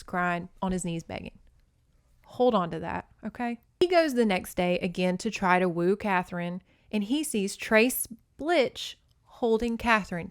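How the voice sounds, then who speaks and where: A woman's voice: medium pitch, smooth, no room sound, studio quality. A woman hosting a podcast, recapping a book in casual, candid talk with plenty of swearing, and acting out the characters as she goes. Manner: candid and profane, with frequent swearing; animated storyteller who acts out the characters' lines. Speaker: podcast host.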